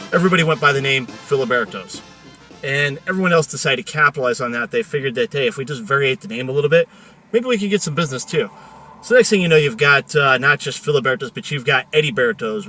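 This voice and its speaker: Animated, bright-voiced man telling a story. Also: medium pitch. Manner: animated, joking, chatty. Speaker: host. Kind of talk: casual storytelling monologue. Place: in a car.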